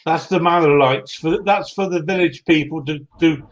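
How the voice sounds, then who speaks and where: A man's voice: a little high, normal speed, highs cut off. A man hosting a casual group video call, friendly and teasing, calling everyone mate. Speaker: livestream host.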